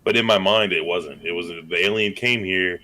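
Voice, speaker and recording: Deep-voiced man rambling on a podcast. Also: normal speed, pushed and bright. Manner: laid-back, rambling, lots of "like" and "right?". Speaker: podcast co-host. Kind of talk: casual chat.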